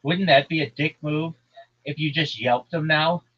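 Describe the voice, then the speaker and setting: A man from New Jersey, hosting a livestream and ranting crudely in a loud, brash, profane comedic tone. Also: fairly high pitch, a little slow, slightly rough, dull audio. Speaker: livestream host.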